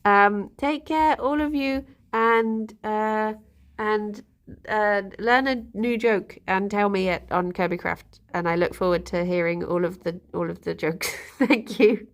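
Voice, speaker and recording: A woman's voice: medium pitch, measured pace. A woman chatting casually on a live stream, rambling and giggling between fillers.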